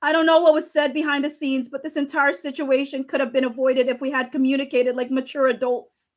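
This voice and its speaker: A woman with a high voice hosts a casual live stream. She reads text messages aloud and reacts to them, laughing and getting teary as she goes. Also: flat delivery, brisk. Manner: emotional, laughing and near tears while reading. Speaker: livestream commentator. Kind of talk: casual live commentary reading texts aloud.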